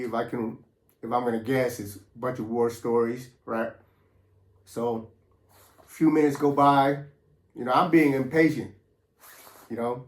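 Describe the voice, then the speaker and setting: A middle-aged man casually recounting his past in a laid-back, streetwise way, full of slang and fillers. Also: medium pitch. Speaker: former prisoner telling his story. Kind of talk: casual storytelling. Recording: roomy echo.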